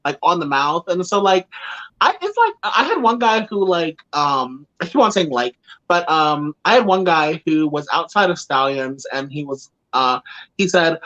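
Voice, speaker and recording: A man's voice: fairly high pitch, very animated, normal speed, pushed and bright, muffled recording. A man, a drag queen co-host, rambling and giggling emphatically in casual chat.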